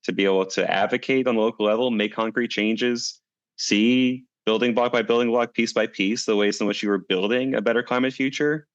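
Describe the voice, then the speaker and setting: A man's voice: mid-range voice, fairly even intonation, a little fast, no room sound, dull audio. A man being interviewed as a guest, talking in a thoughtful, reflective way and telling stories as he answers. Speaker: guest, climate coalition director.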